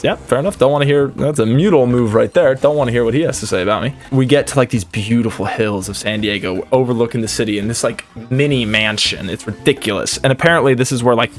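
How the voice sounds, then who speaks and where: A male streamer casually telling a story in an animated, rambling way, full of fillers. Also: medium pitch.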